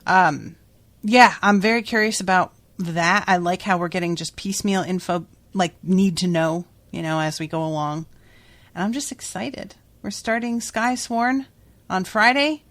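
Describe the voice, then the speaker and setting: Low-voiced woman chatting casually. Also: unhurried, a bit bright. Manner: chatty, swears freely. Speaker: podcast host. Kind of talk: casual book recap.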